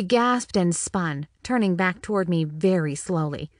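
A woman's voice: lowish voice, expressive, normal speed, hardly any pauses, no room sound. A woman narrating a first-person audiobook with wry, dry humor.

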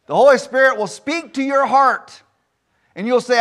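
High-voiced man preaching a sermon. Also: moderate pace. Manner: emphatic preaching with rhetorical questions and sudden loud swings. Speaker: pastor. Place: church sanctuary.

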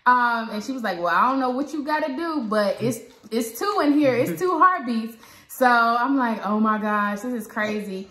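A woman vlogger with a Southern American accent, chatting and retelling a story with lively quoted dialogue. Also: fairly high pitch, moderate pace. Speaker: parenting vlogger. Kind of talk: casual storytelling. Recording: echoey room.

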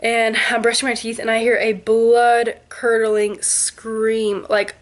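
A young woman in her twenties tells a spooky story straight to her viewers. Her voice sits a little on the high side. She tells it with animation, mimicking creaks and knocks and slipping into the voices of the people in it. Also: slow. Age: 20s. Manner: animated, with sound effects and quoted voices. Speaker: vlogger. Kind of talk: telling a ghost story to camera.

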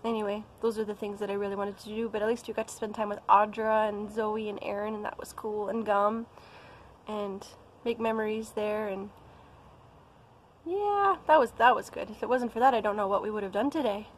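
A woman's voice: medium pitch, brisk, slight background noise, rough recording. A young American woman talking casually in a vlog, chatty and playful. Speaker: vlogger.

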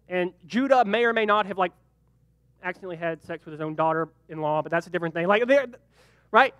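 A young man leading a youth group Bible lesson, joking and animated, briefly acting out the characters in the story. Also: sits high, no echo. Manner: animated and joking, acts out quick character voices. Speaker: youth pastor.

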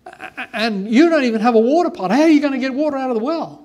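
A sharply indignant woman at a well, put on by a preacher, her voice climbing high and pushing loud as she protests. She sounds incredulous and refuses flatly. It is a sermon retelling rather than a stage play. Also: quick pace. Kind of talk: sermon storytelling.

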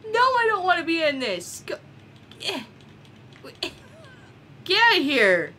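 Young woman, high and lively voice, bright tone, unhurried, giggly let's-play chatter, swears a lot. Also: a little hiss or hum. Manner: excitable, swears often, giggly. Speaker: gameplay commentator. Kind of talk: casual let's-play commentary.

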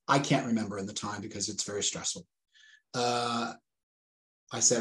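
Here the interviewed father, a man in his forties, tells the story of a frightening scam call in a brisk, medium-pitched voice with a fairly bright tone. He is earnest and vivid, and the recording has an echoey room sound.

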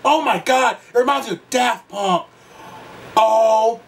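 A man's voice: very high-pitched, slow pace, gravelly, far from the mic. A man reacting to a pop song in a vlog, gushing, campy and profane, with sudden shrieks. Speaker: music reaction youtuber. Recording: loud song playing behind, voice a bit off-mic. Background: pop song playing.

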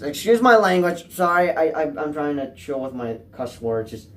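A man vlogging about movies in a rambling, anxious and excitable rant, stammering and restarting as he talks, recorded at home. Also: fairly high pitch, moderate pace, hardly any pauses.

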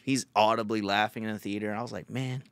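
A man's voice: fairly low pitch, little pitch movement, rapid-fire, fairly bright tone, clean tone, no room sound. A young man hosting a podcast, telling a rambling, profane story in casual chat. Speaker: podcast host.

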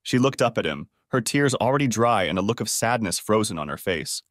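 A man's voice: lowish voice, brisk, dry recording, clean studio sound. A man reading a story audiobook aloud as the narrator. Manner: expressive storytelling. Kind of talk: scripted narration.

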